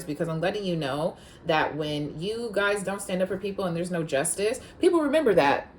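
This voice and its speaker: Woman host, very low voice, casual confessional storytelling, frank and profane. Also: expressive, brisk, hardly any pauses, a little hiss or hum. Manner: blunt, frank, swears freely; heated and emphatic when retelling conflict. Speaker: podcast host.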